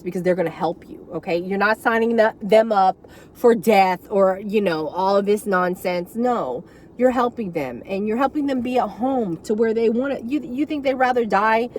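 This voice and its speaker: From inside a car, a vlogger frankly shares her caregiving story in an unscripted, emotional talk that rambles with many asides. Her voice is mid-range and darkish, and there's a little hiss or hum in the recording.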